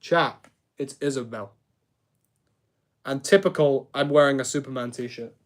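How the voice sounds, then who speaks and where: A man's voice: mid-range voice, a little slow. A young man chatting casually on a live stream while he builds, rambling, reacting to chat and tripping over his words.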